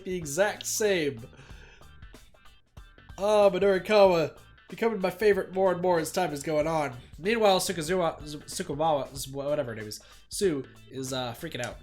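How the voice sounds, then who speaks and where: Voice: medium pitch, a little fast, a little mellow, faint music behind. A streamer reading a visual novel aloud, with chatty, self-mocking asides.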